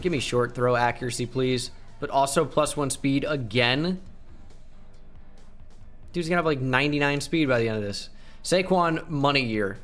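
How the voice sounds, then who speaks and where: A man talks over his own gameplay, rattling off numbers quickly and throwing in jokes. He gets excited when his team pulls ahead. Soft music plays faintly underneath. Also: medium pitch. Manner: rattles off stats with joking asides. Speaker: gaming channel host. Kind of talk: casual video game commentary.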